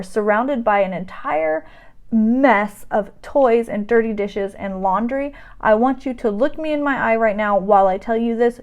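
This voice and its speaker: A woman's voice: fairly high pitch, lively intonation, normal speed. A woman in her thirties talking straight to camera about motherhood and self-care, emphatic and direct, often checking in with "right?" and "okay?". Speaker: vlogger and mother giving self-care advice. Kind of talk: direct-to-camera advice talk.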